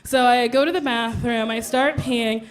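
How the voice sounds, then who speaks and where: A woman's voice: on the high side, steady tone, moderate pace, background noise. A woman telling brash, laughing stories in a stand-up comedy set, acting out voices, recorded live on stage. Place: comedy club stage before a live audience. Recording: live show with loud crowd laughter.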